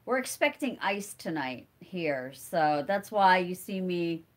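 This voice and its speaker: A woman's voice: fairly low pitch, sing-song, takes it slowly. A middle-aged woman with a stuffy nose hosts a casual live stream, chatting and answering viewer comments as they come in. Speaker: homesteading channel host.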